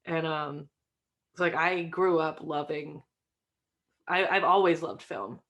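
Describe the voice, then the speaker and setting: A woman guest in a casual interview, chatty and filling her talk with "like", rising into excited bursts. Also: low voice, takes it slowly. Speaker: podcast guest, stream host.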